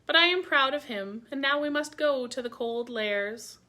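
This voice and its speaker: A woman voicing a sleek male panther who speaks in a brisk, decisive way in a storybook reading. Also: sits high, bright, forceful tone. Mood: proud.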